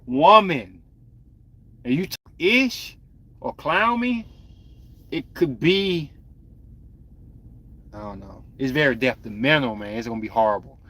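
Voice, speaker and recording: A man hosting a podcast, chatting casually and bluntly in slang with animated outbursts as he reacts to viewer comments. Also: medium pitch, normal speed, long pauses. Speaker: podcast host.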